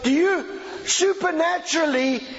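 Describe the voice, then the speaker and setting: A calm Jesus asking slow, deliberate questions, acted out by a man preaching. The voice sits very high for a man. Long hall reverb and a dull, lo-fi sound surround it. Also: slight background noise, heavily acted.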